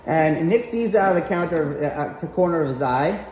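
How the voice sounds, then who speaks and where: Brief: slightly high-voiced man, profane and exasperated storyteller, echoey room with faint hum. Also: lively intonation, moderate pace, a little mellow. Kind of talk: casual storytelling rant.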